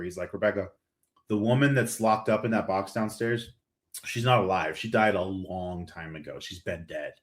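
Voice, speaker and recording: Male podcast host, lower register, loose animated plot recap, chatty. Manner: rambling, animated retelling with restarts and quoted lines. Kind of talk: casual chat, retelling a movie plot.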